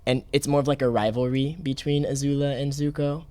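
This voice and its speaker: Man chatting casually, halting and repetitive. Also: medium pitch, flat delivery, a little mellow, clean tone, no echo. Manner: hesitant, repeats words, laughs easily. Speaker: podcast co-host. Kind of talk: casual chat.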